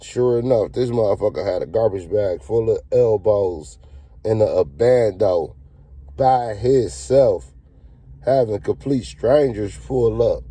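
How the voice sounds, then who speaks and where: A man's voice: fairly low pitch, unhurried, warm tone, husky. A man telling a casual story in a slangy, profane, laid-back way.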